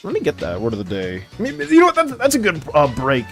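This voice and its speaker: Streamer type, male, playfully dramatic, high voice, soft music underneath. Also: wildly swooping pitch, quick pace. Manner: dramatic, playful, laughs often. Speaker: art streamer. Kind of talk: casual live-stream chat.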